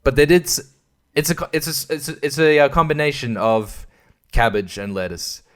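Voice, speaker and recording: A man's voice: on the high side, very animated, a little fast. An Australian man hosting a solo podcast, rambling casually with lots of swearing and stumbling restarts. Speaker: podcast host.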